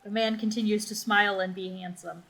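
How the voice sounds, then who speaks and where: A woman's voice: medium pitch, fairly even intonation, brisk, a bit bright, poor audio. A young woman narrating as game master in a casual, rambling way.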